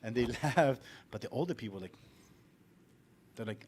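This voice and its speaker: A man's voice: mid-range voice, moderate pace, pauses often, slight background noise. A man co-hosting a podcast in casual chat, telling travel stories with swearing and jokes. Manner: profane, joking, animated storytelling. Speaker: podcast co-host. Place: abroad, living in Tallinn.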